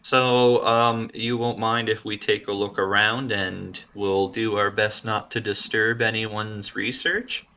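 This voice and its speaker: A man playing in a tabletop game, polite and hesitant, choosing his words carefully. His voice is very deep and slow, yet the tone has a bright, forward edge. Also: level tone, smooth. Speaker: player.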